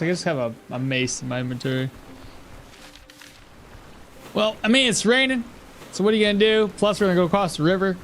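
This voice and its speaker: A man's voice: high-pitched, a little hiss or hum. A man streaming a game and chatting casually, joking and laughing often between rambling asides. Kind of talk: casual live gameplay commentary.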